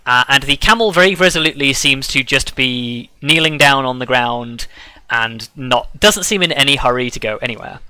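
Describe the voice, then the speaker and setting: A man narrating as dungeon master, halting often with fillers. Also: medium pitch, bright, forceful tone, smooth, dry recording. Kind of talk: narrating a tabletop game.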